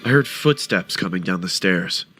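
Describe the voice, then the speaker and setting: A man narrating a first-person horror story with a dramatic, expressive delivery. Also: low-pitched, moderate pace, music in the background.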